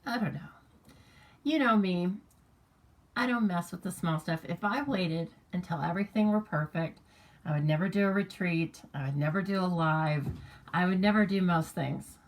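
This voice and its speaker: A woman's voice: lowish voice, moderate pace. An American woman hosting a craft live stream, chatting casually, greeting viewers by name and reading their comments aloud. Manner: chatty and rambling, reads viewer comments aloud, laughs easily. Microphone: camera mic on a live stream.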